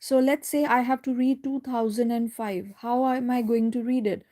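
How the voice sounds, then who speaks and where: A woman teaching French in a live online lesson, going slowly step by step, repeating words and checking in with "right?". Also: fairly high pitch, fairly even intonation, warm tone.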